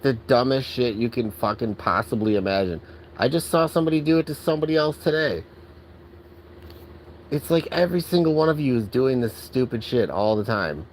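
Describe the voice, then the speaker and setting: A man's voice: mid-range voice, a little hiss or hum, low-quality recording. A man ranting angrily and profanely in a casual vlog, exasperated and full of filler words. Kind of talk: angry rant.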